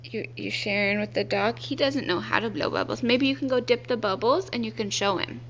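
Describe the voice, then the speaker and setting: A young woman filming at home indoors, gently coaxing a toddler and laughing often. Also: a little high, fairly quick, lo-fi sound, a little hiss or hum. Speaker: parent filming her child. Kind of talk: casual home video.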